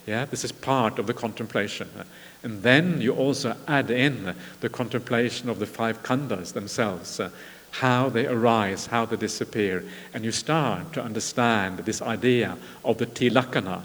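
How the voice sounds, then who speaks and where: A man's voice: mid-range voice, moderate pace, fairly bright tone. Man teaching in a reverberant hall. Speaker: Buddhist meditation teacher. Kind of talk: retreat dharma talk. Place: large meditation hall. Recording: long reverb of a large hall.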